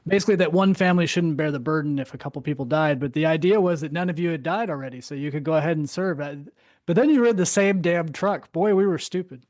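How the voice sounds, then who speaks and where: A man's voice: on the high side, quick pace, no echo, studio quality. A man in his forties hosting a veterans' podcast, chatting casually with loose, swearing asides. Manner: relaxed, profane, friendly asides. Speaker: podcast host, fellow veteran. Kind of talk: casual interview chat.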